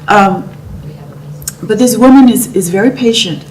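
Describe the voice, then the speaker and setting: A woman's voice: mid-range voice, measured pace. A middle-aged woman telling a personal story vividly, acting out what people said. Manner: vivid storyteller who acts out the quotes. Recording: roomy, distant and noisy.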